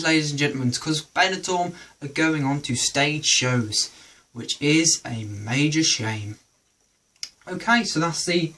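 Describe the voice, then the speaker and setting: A man's voice: high voice, bright, forceful tone, far from the mic. A young man hosting a comedy show, delivering a rambling comic monologue with plenty of ums and restarts.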